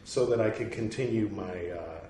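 A man's voice: fairly low pitch, normal speed, dark tone. Wry rambling man in an echoey room. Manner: rambling, wry and facetious, frequent asides. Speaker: podcast host reading and commenting. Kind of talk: casual commentary on a reading. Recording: roomy echo, faint background noise.

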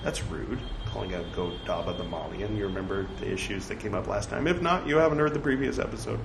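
A man reading scripture aloud, saying the quotes and punctuation out loud and breaking off for chatty side remarks. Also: lowish voice, fast, gravelly. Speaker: scripture reader. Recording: echoey room with faint background noise.

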